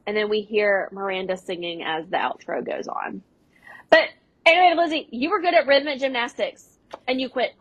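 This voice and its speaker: Animated young woman recapping an episode. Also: a little high, normal speed, no echo, highs cut off. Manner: animated retelling, acting out quotes in voices. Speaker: podcast co-host. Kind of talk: casual chat recapping a TV episode.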